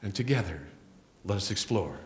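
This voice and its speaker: A middle-aged man giving an inspirational spiritual talk as guest speaker in a church hall, telling stories with slow, emphatic rises and drops. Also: sits low, animated, a little hiss or hum. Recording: roomy hall echo.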